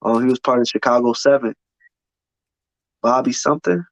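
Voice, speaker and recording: A man's voice: mid-range voice, fairly even intonation, moderate pace, no echo. A man in an interview telling his life story candidly, emphatic and profane, often repeating words as he restarts. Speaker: interview guest. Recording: dull lo-fi sound, dry.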